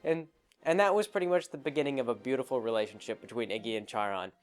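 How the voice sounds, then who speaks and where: A podcast host with a mid-range voice talks fast, telling a rambling, casual story about a tabletop game and acting out the characters as he goes. His delivery is full of fillers and restarts, and soft music plays in the background.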